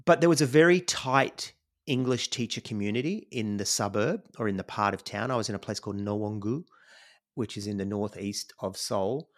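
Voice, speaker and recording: Middle-aged Australian man, low voice, rambling and reflective, conversational storyteller on a podcast. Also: normal speed. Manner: reflective, rambling, frequent "you know". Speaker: podcast guest.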